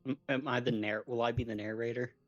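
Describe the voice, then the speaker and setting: A co-host on a live stream with a mid-pitched voice. Their remarks are short and dry, in a relaxed, casual way. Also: fast, highs cut off.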